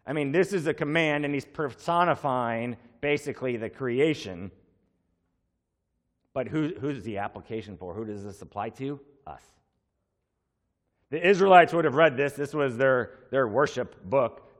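A man preaching a sermon, explaining slowly and repeating words for emphasis. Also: mid-range voice. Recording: long hall reverb.

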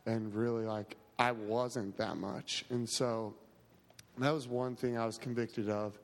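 Man, camp staff member, casual grateful testimony, filler words, mid pitch, long hall reverb. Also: fairly even intonation, unhurried. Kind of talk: testimony to a congregation.

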